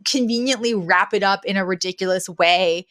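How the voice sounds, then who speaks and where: A woman co-hosting a podcast, recapping a sitcom episode in a casual chat and acting out the characters' lines with lively retelling. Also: medium pitch, moderate pace, no echo. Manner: animated retelling, acts out quoted lines. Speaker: podcast co-host.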